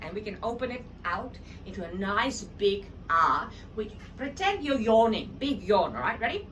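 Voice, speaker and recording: Bright, lively woman drama teacher. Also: medium pitch, moderate pace, recorded from a distance, a little hiss or hum. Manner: lively, coaxing, encouraging. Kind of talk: children's acting lesson. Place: home room with her child.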